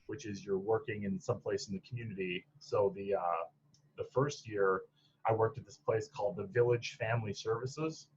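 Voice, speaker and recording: A man's voice: on the low side, darkish tone, lo-fi sound, a little hiss or hum. A man from Michigan's Upper Peninsula, a podcast guest talking casually about his clinical training, rambling with many restarts and laughs. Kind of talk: casual interview chat.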